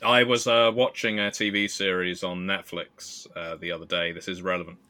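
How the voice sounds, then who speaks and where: Deep-voiced man, chatty podcast host. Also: level tone, moderate pace, sharp tone, no echo. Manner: chatty, laughs often, wry storytelling. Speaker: podcast co-host and game designer. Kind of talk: casual podcast chat.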